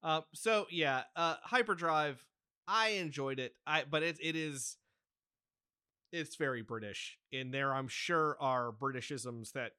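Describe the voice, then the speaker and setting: A man's voice: a little high, a little slow, pushed and bright, smooth, no room sound, studio quality. An American man co-hosting a casual podcast, eagerly chatting and introducing the next topic. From United States. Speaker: podcast co-host. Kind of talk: casual chat.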